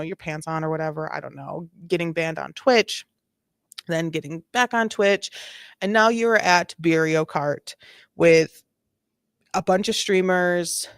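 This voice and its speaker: A woman in her thirties hosting a casual commentary chat, her lowish voice edged with vocal fry. She rambles and laughs often, and the close recording is dry with no room sound. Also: no room sound. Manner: chatty, rambling, laughs often, frequent fillers. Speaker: commentary channel host.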